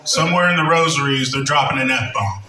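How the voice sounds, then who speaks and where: A man's voice: medium pitch, expressive, a little fast. A man doing a loose, hesitant amateur stand-up set at a bar. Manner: loose, hesitant, many ums. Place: small bar stage. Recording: echoey bar from a distant mic, crowd.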